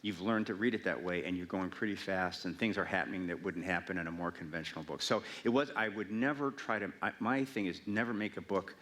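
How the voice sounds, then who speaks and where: A man's voice: deep voice, fairly quick, hardly any pauses, a bit bright. A man, an author, answering audience questions in a casual, wry and self-mocking way at a public library event. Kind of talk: casual Q&A talk.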